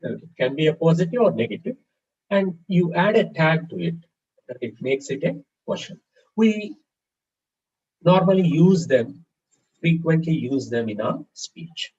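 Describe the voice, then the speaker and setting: A man's voice: a little high, very animated, measured pace, darkish tone. A man teaching a live grammar class, patiently repeating example sentences. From India. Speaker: English teacher. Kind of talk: live online grammar lesson. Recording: distant, dull-sounding mic with faint background hiss.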